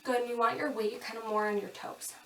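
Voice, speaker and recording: A woman's voice: a little high, level tone, fast talker, a bit bright, slight background noise. A woman fitness instructor giving upbeat, chatty coaching cues during a home kickboxing workout, a bit out of breath. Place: home room. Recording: echoey room from a distance.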